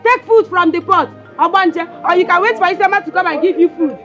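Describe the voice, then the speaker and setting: A woman's voice: very high voice, fairly quick, fairly bright tone, muffled recording, faint music behind. A woman with a Nigerian accent playing a bitter, sarcastic wife who scorns her husband's niece in a film scene. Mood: mocking. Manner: taunting and sarcastic. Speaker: actress. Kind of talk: Nollywood film acting.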